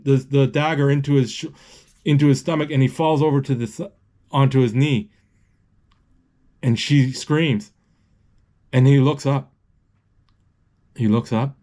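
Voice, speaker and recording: A man giving a halting, live play-by-play of a movie as he watches it, full of restarts and self-corrections. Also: mid-range voice, warm tone. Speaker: movie describer.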